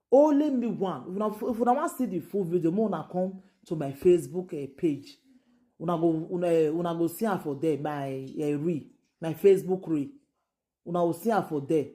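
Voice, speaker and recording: A woman's voice: low-pitched, mellow. Incredulous woman, Nigerian Pidgin accent. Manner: exclaiming, repetitive, incredulous. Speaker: gossip show host. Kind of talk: casual gossip commentary.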